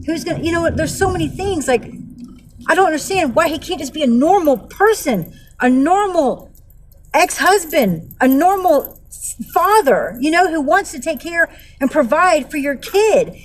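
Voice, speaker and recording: A woman's voice: sits high, sing-song, moderate pace, low-quality recording. A woman in her forties telling a vlog story in a blunt, heated way, with flashes of anger and weary sighs. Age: 40s. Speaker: vlogger.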